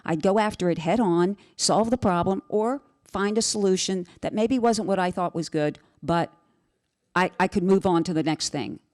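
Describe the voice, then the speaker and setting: A woman's voice: fairly low pitch, moderate pace, darkish tone. A woman speaking to carepartners in an earnest, reassuring way, often repeating phrases for emphasis. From Italian family background. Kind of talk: panel talk to carepartners.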